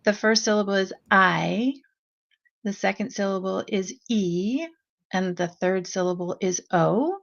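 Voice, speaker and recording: A woman leading a guided meditation with chanted vowel sounds, speaking slowly and gently. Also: medium pitch, vocal fry, muffled recording. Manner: slow, gentle and soothing.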